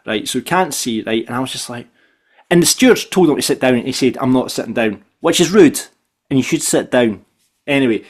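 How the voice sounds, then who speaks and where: A man with a Scottish accent hosting a football podcast, telling stories in a chatty, animated way and often tagging "right?" onto his sentences. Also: medium pitch. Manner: animated storyteller, repeats "right?". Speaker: podcast host. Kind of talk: casual football podcast chat.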